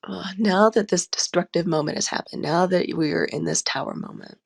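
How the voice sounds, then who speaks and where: A woman's voice: lowish voice, fairly quick, vocal fry, breathy edge. A woman hosting a live tarot journaling session, chatty and laughing often as she talks to her listeners. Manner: warm, chatty and laughing often, says y'all. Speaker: tarot reader and host.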